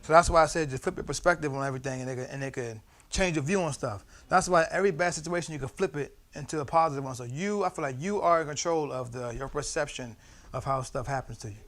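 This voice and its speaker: Young guy, a touch high-pitched, teaching Bible study in a relaxed storytelling way with lots of slang. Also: quick pace. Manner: loose, storytelling, laughing often, slangy. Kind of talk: casual Bible study teaching with personal stories. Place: church.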